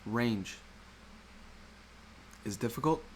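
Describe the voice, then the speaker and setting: A man's voice: mid-range voice, expressive, very slow, darkish tone, slight background noise. A man teaching trading over a chart walkthrough, asking rhetorical questions and repeating key points. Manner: rhetorical questions, repetitive explaining. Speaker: trading educator. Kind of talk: screen-recorded chart walkthrough.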